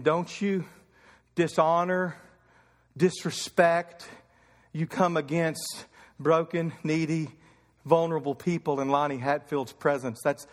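Fervent high-voiced preacher, echoing hall. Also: male voice. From Kentucky. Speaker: pastor. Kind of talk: sermon.

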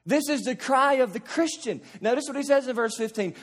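A man's voice: very high-pitched, brisk. A man preaching a sermon as pastor, earnest and building to impassioned cries. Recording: long reverb of a large hall.

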